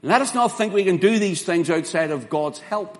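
A man's voice: high-pitched, expressive. A man preaching a sermon in an earnest, emphatic way, quoting scripture in King James phrasing. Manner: earnest, emphatic preaching with slow spelled-out words and dramatic quoted lines.

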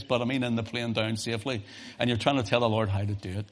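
Middle-aged Northern Irish man, pastor, lively and humorous sermon storyteller. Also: medium pitch, a little fast, long pauses. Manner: animated storytelling with humorous asides and chuckles.

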